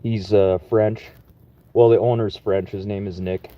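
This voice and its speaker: Brief: young Manitoba man, low voice, casual profane vlog chat, dull lo-fi sound. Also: level tone, unhurried. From Manitoba, Canada. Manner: profane, laid-back and chatty. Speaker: construction worker vlogging. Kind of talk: casual rambling monologue.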